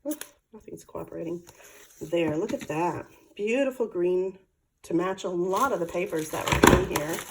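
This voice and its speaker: Middle-aged woman, casual crafter demo; chatty and gushing, fairly low voice. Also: moderate pace, slight background noise, poor audio. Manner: chatty, gushing, thinks aloud while handling supplies. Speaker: craft product demonstrator. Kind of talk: casual product show-and-tell.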